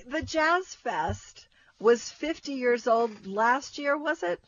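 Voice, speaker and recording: A woman's voice: sits high, lively intonation, takes it slowly, slight background noise. A woman co-hosting a food radio show, chatting casually and stating opinions emphatically. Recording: dull, lo-fi radio broadcast.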